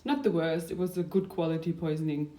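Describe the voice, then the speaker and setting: A young adult woman talking in a casual, rambling video diary. Her loudness drifts from sudden bursts down to near-whispers. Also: sits low, brisk. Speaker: diary vlogger.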